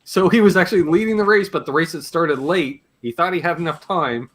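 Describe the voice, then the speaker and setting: A Canadian man in his forties hosts a live guitar Q&A stream, chatting casually and jokingly, rambling and laughing between remarks. His voice is a little high, brisk, and fairly bright.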